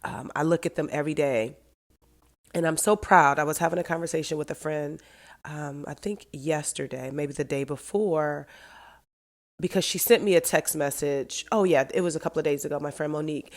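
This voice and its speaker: Alone on her own podcast, a middle-aged host speaks in a deep voice with fairly even intonation at normal speed. She shares her thoughts openly and sincerely, and the monologue becomes emotional at points.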